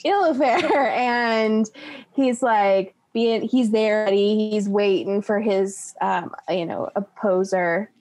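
A young woman casually recapping a tabletop game session, rambling, laughing and slipping into quick character voices. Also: medium pitch, a little mellow.

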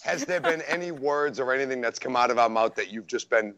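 A man's voice: medium pitch, fairly quick, fairly bright tone, no room sound. A man from New England with a Boston accent, co-hosting a podcast and telling rambling stories. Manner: rambling, storytelling, laughs often. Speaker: podcast co-host. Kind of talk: casual podcast chat.

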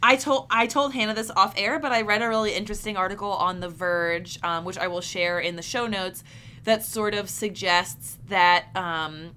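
A woman's voice: medium pitch, steady tone, moderate pace, pushed and bright, a little hiss or hum. A woman co-hosting a podcast, talking through a film in a thoughtful, analytical way with many fillers. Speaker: podcast co-host. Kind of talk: casual podcast chat about a film.

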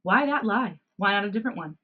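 Brief: woman reading as a proud male cat hybrid leader, cool and lecturing, a bit higher than her own voice, lo-fi podcast audio. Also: expressive, fast, natural voice. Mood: probing.

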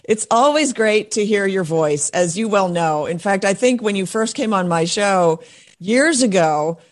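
A woman's voice: medium pitch, expressive, a little slow. A woman hosting a talk radio show, speaking emphatically and forthrightly as she interviews guests. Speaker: host.

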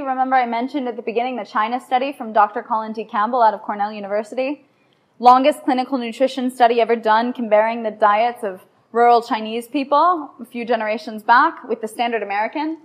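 A woman giving a live evening lecture to an audience, chatty and playful, often putting questions to the listeners. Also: on the high side. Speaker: lecturer on raw food and yoga.

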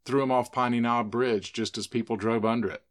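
A man's voice: mid-range voice, steady tone, fairly quick, close to an everyday voice. A man voicing a swaggering, teasing young man, the sheriff's son, in a spoken story. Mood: bragging.

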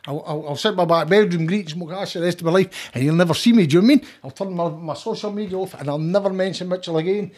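Speaking fast with few pauses, a middle-aged Scottish man's high voice comes across a little mellow. As a guest in a casual interview chat, he's heated, emphatic and full of swearing, with many restarts.

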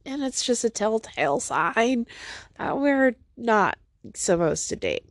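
A woman's voice: on the high side, big pitch swings, takes it slowly, no echo, clean studio sound. A woman hosting her own podcast in a casual, rambling solo monologue from home, teary after crying, self-deprecating and stopping to talk to her cat. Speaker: podcast host.

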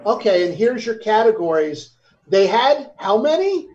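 A man's voice: high-pitched, sing-song, moderate pace, darkish tone. Joking male quiz host, lo-fi sound. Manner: playful, swears and laughs, stumbles over answers. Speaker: game host. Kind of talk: casual game-show hosting.

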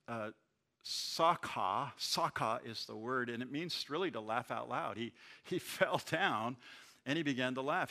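A man preaching an expository sermon, explaining a scripture passage in a conversational, animated way. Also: fairly high pitch. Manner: conversational, animated retelling with acted quotes.

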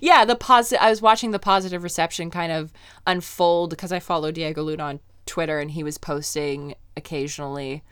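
A young woman co-hosting a podcast with an eager, chatty manner and quick giggly asides. Her voice sits a little low and sounds smooth and clean, recorded dry and close with no room sound. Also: fairly even intonation, a bit bright, dry recording. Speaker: podcast co-host. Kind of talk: casual chat.

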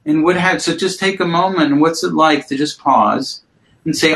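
A man gently guiding a mindfulness practice on a video call, speaking slowly and reflectively and repeating phrases. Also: fairly high pitch, low-quality recording. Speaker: mindfulness teacher. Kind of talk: guided mindfulness coaching.

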